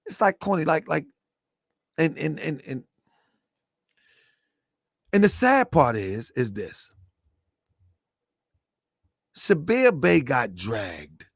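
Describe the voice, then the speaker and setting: A man's voice: fairly high pitch, takes it slowly, vocal fry, pauses often, dry recording, clean studio sound. A middle-aged man hosting a show, talking in casual, rambling commentary that keeps circling back and repeating itself. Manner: animated, rambling, repeats himself, bursts of laughter. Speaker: show host.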